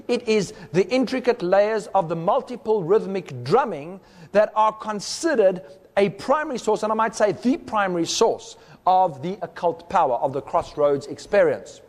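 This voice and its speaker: A man's voice: high-pitched, a little mellow, big-room sound. A man giving a recorded teaching talk, explaining step by step and sounding out rhythms with his voice. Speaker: speaker.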